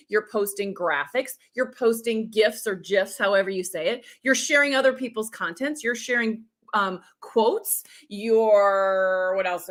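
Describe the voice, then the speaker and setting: A woman's voice: a little high, pushed and bright. A woman coach running a live-streamed workshop, upbeat, talking straight to viewers and reading out their comments. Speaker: business coach.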